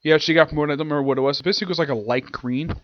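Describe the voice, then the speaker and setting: A man's voice: fairly high pitch, no room sound. Rambling man recapping episodes, dull lo-fi. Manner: rambling, with frequent restarts and quick acted quotes. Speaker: anime reviewer. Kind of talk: casual episode recap and review.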